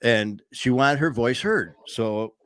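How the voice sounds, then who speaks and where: A man's voice: medium pitch, takes it slowly, a bit bright, no room sound. Guy hosting a chat show, rambles a lot, dry sound, not much room. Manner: rambling, with many fillers and restarts. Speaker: host. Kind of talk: casual chat.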